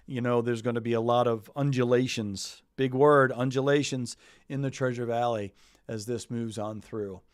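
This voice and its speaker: A man's voice: mid-range voice, steady tone, normal speed, smooth, no echo, clean studio sound. A man from New England hosting a weather show, talking loosely and chattily and thinking aloud as he walks through the forecast. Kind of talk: casual live weather talk.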